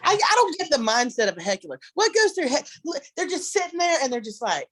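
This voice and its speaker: A woman's voice: on the high side, sing-song, brisk, hardly any pauses, fairly bright tone, no echo. A middle-aged woman doing a brash, profane, rambling stand-up set. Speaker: headlining comedian. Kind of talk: stand-up set on a video call.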